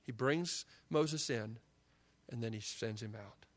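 A man preaching a sermon in an animated, emphatic way, acting out the lines he quotes. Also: medium pitch, slow.

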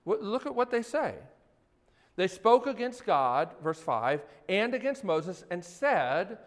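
A man's voice: sits high, big pitch swings, normal speed, vocal fry. A man preaching a sermon as pastor, talking conversationally and putting many questions to his audience. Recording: hall reverb.

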